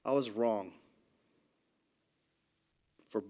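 A pastor giving a conversational sermon, a father who keeps asking "ready?" and moves between loud emphasis and quiet, soft asides. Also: lowish voice, very slow. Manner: conversational preaching with frequent "ready?" check-ins.

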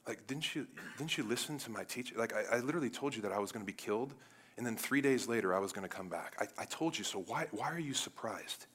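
Guy putting on a quiet disappointed teacher talking to his buddies, bright voice. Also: lowish voice, lively intonation, fast, a little hiss or hum. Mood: gently chiding. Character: a calm, gently disappointed male teacher speaking to friends.

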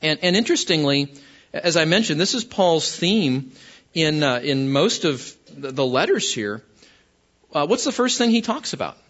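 A man's voice: fairly high pitch, big pitch swings, normal speed, fairly bright tone, muffled recording. A man pastor preaching a conversational sermon, often restarting his phrases.

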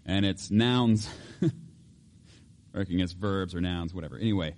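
A middle-aged pastor preaching a sermon in an animated, joking way, acting out voices and laughing often. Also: male voice, sits low, unhurried.

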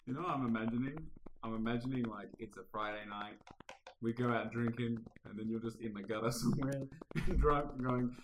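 A man's voice: medium pitch, fairly even intonation, brisk, noisy background. A man co-hosting a podcast in casual chat who jokes around and teases his friend. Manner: joking, teasing. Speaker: podcast co-host.

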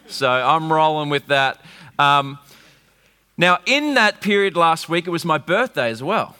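Bright-voiced pastor in a hall. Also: male voice, fairly high pitch, unhurried, smooth. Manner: animated storytelling, wry humour. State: recovering from flu. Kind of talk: sermon. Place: church hall. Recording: reverberant hall.

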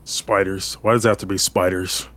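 A man's voice: low voice, flat delivery, normal speed, a bit bright. A man playing a tabletop game, hesitant and full of rule questions. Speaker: player. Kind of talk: casual chat.

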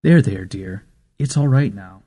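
A tender, soothing grandmother over 60, voiced by a male narrator, speaking softly and coaxingly. The voice sits mellow and warm in this storybook reading, unhurried and gentle. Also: fairly low pitch, expressive.

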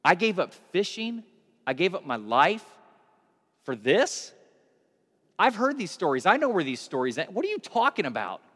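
A man's voice: high-pitched, sing-song, moderate pace, long pauses, fairly bright tone, full character voice. A man preaching in a reverberant hall puts on a shocked, indignant male disciple's exasperated outbursts. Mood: incredulous.

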